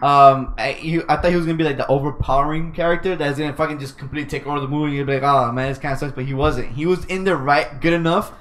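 A man in casual movie chat who talks quickly and stumbles through restarts. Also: fairly high pitch, fairly even intonation, a bit bright. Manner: fast, stumbling, many restarts.

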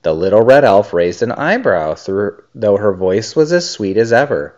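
A man reading a children's story aloud and chatting with his child, a gentle, animated storyteller. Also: fairly low pitch, moderate pace, hardly any pauses. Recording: dull lo-fi recording.

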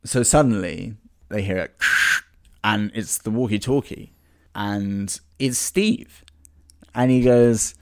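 A man improvising a comedy story with a partner, playful and adding quick asides. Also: on the low side, a little mellow.

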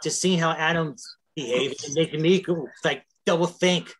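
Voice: medium pitch, normal speed, a little hiss or hum, rough recording. A wrestler chatting casually on a podcast, rambling with lots of fillers and swearing freely.

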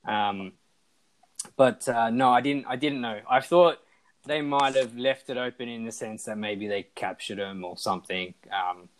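A man in a relaxed podcast chat about a TV series. He rambles enthusiastically, stacking ums and restarting his sentences as his thoughts run ahead. His voice sits at an ordinary middle pitch for a man. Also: measured pace, poor audio. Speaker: podcast co-host. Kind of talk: casual chat reviewing a TV show.

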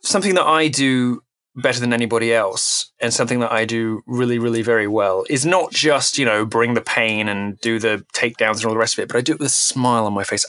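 A man talking as a guest on a podcast, lively and emphatic, stumbling over his own restarts as he pushes his points. His voice sits at a middling pitch. The sound is dry and close, with no room echo. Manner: animated, emphatic, frequent restarts. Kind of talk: podcast interview talk.

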